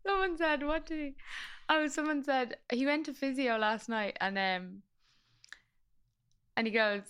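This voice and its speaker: A woman's voice: sits high, unhurried, fairly bright tone, smooth. A woman, co-hosting a podcast in casual chat, chatty, laughing often and acting out quotes. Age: 30s. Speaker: podcast co-host.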